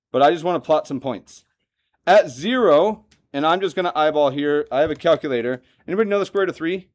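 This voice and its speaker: A man teaching a math lesson to a classroom, lively and joking, often asking the students questions. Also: fairly high pitch. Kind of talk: classroom lecture.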